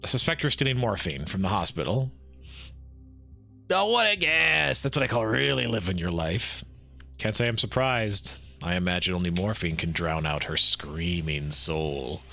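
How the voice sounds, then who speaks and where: A man streaming a game live, reading the dialogue aloud with quick asides and frequent laughs. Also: deep voice, pushed and bright, faint music behind.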